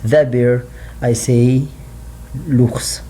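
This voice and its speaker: Man teaching french, slow and dark-toned, repeats words, faint hiss behind. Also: mid-range voice. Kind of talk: classroom language lesson.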